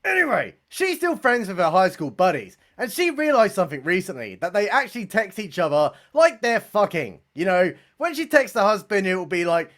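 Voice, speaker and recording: A young man giving sarcastic, mocking commentary as he reviews a comedy special, with deadpan asides and casual swearing. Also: high voice, fairly quick, few pauses.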